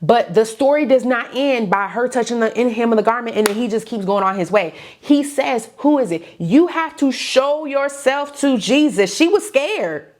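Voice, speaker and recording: A woman's voice: fairly high pitch, expressive, normal speed, few pauses. A woman who works as a faith-based coach, teaching a Bible study in an emotional, fervent way, repeating lines for emphasis and calling her listeners y'all. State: tearful at times.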